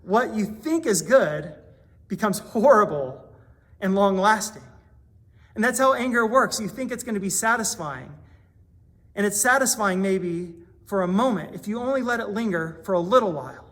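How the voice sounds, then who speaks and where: A pastor giving an earnest sermon, full of rhetorical questions and everyday examples. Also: male voice, high voice, lively intonation, moderate pace, a bit bright.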